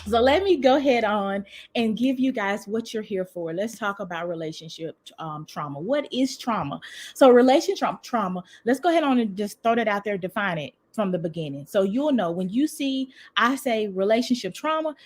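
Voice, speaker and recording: Fast-talking Southern woman on a livestream. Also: mid-range voice. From Mississippi, US South. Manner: fast-talking, excitable, chatty. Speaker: relationship coach and therapist. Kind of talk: livestream talk. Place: home room with a heater running.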